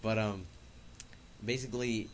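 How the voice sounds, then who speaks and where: A man's voice: on the low side, steady tone, measured pace, a little hiss or hum. A man co-hosting a casual podcast who teases the others and makes crude jokes. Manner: crude, joking, teasing. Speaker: podcast co-host. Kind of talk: casual chat.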